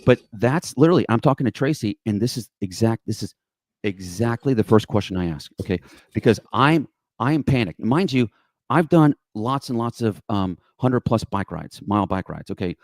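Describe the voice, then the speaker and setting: A man, telling a lively story in conversation. He acts out the quoted dialogue and keeps checking in with "okay?". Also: fairly low pitch, normal speed, no room sound. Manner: excitable, acts out quoted dialogue, says "okay?" and "bro" often. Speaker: podcast guest, charity cyclist.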